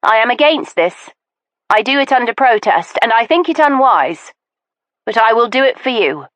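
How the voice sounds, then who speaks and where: A woman voicing a stubborn, sharp-tongued older aristocratic woman who snaps with scorn. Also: a little high, big pitch swings, normal speed, no room sound, pitched above the performer's own voice. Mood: scornful. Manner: scornful, snappish.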